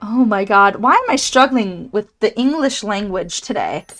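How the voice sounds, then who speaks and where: A woman's voice: mid-range voice, lively intonation, moderate pace, a bit bright, soft background music. A woman streaming a story game, chatting casually, swearing and laughing at her own slips.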